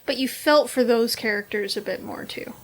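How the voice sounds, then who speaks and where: A woman's voice: a little high, normal speed. A woman co-hosting a podcast, chatting casually about films and reading the sign-off. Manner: chatty, laughs easily. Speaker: podcast co-host. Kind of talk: casual movie review chat.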